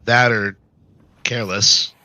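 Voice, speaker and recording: Male esports caster, hoarse from illness, lowish voice with a bright, tense edge, wry live play-by-play. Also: fairly even intonation, slow, poor audio. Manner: wry, talks to the audience between calls. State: hoarse from being sick.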